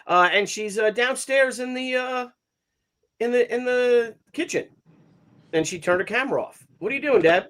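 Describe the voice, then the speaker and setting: A man hosting a live stream in casual chat, greeting viewers by name in an animated, chatty way. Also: extremely high pitch, normal speed. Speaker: host of live comics stream.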